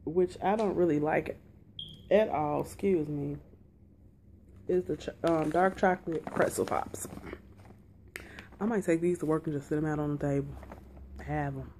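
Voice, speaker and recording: A lower-pitched woman talks straight to her viewers in a chatty, excitable way, calling them y'all as she does a taste-test vlog at home. A faint hiss sits under the recording. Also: moderate pace, long pauses. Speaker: vlogger. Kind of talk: casual unboxing and taste-test chat.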